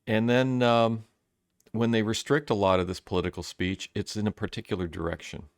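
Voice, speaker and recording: A man's voice: fairly low pitch, flat delivery, brisk, gravelly, smooth, no echo, studio quality. A man co-hosting a podcast in casual chat, rambling with many restarts and mocking quoted voices. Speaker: podcast co-host.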